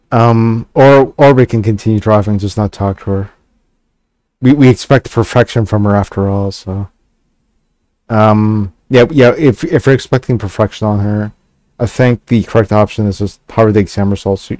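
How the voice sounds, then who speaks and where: A man reading a text game aloud and stopping for hesitant, halting asides with fillers and restarts. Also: on the low side, steady tone, a little mellow, no echo. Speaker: gaming channel host.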